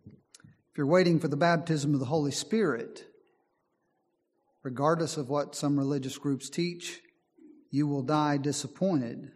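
A man's voice: on the high side, unhurried, long pauses, a little mellow. A man preaching a sermon in an earnest, emphatic way, often reading scripture aloud. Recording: long hall reverb.

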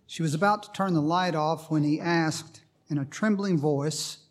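A man's voice: a little high, normal speed, hardly any pauses. A man preaching a sermon, telling a story with a joke before reading from the Bible. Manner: storytelling with a joking aside, then Bible reading.

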